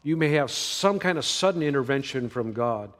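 A man preaching a sermon, swinging between emphatic lines and hushed ones. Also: mid-range voice, animated, moderate pace. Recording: long reverb of a large hall.

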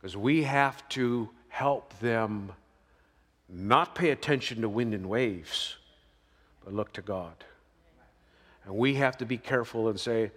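A man's voice: medium pitch, slow pace, pauses often. A male pastor preaching a sermon in a conversational way, with emphatic rises and frequent "right?" asides. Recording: long reverb of a large hall.

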